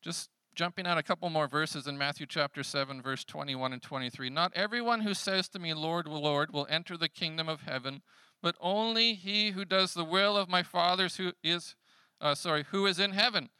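A man preaching a sermon in a conversational way, swinging between loud emphatic lines and hushed quiet ones. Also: on the high side, moderate pace, smooth, no echo. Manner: conversational preaching with casual fillers. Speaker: pastor.

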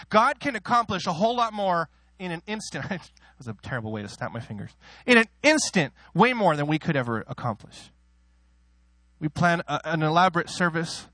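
A man preaching a sermon with a somewhat high voice, recorded close and dry with no room sound. He talks emotionally, dropping into quiet confessional asides and then rising into loud, soaring declarations. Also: sing-song, brisk, no echo. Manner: emotional, swings from soft asides to loud high-pitched exclaiming; laughs at himself between points.

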